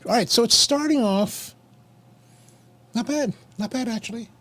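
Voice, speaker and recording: A man's voice: extremely high pitch, moderate pace, sharp tone. A man co-hosting a casual chat show over coffee and cigars, telling a rambling story with many restarts. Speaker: podcast co-host.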